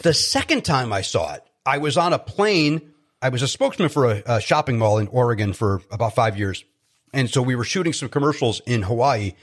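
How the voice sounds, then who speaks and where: A man from Chicago, a guest comedian, telling stories in casual chat, animated and self-deprecating with many restarts. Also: medium pitch, brisk. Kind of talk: casual storytelling.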